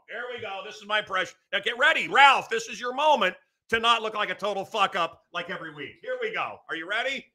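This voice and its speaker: Music plays behind this middle-aged American radio host as he jokes through a rambling comic monologue, needling his producer and working up a bit. He talks fast, with a high-sitting voice and lively intonation.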